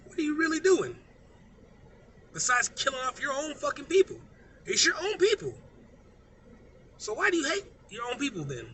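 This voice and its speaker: Man, vlogger, unscripted rant, profane, emphatic, very high pitch, bright tone. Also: wildly swooping pitch, normal speed, long pauses, slight background noise.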